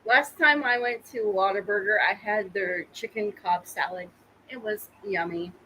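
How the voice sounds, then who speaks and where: A woman's voice: medium pitch, normal speed, bright, forceful tone, slight background noise, low-quality recording. A woman from Oklahoma co-hosting a casual live podcast, teasing and laughing often. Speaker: podcast co-host.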